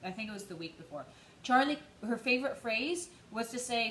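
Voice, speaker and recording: A woman's voice: fairly high pitch, expressive, fairly quick, a bit bright. A young woman, out of breath from running, chatting casually on a livestream and greeting viewers by name. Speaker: livestream host training for a charity run. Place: indoors on a treadmill. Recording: echoey room with faint noise.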